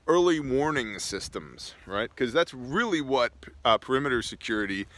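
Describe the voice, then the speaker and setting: A man talking casually on his own vlog, with a bright voice that has a forceful edge. He drifts into joking, self-mocking asides. He speaks at a middle pitch for a man. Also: very animated, normal speed, no room sound. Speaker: host. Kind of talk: casual solo vlog talk. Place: outdoors on rural land.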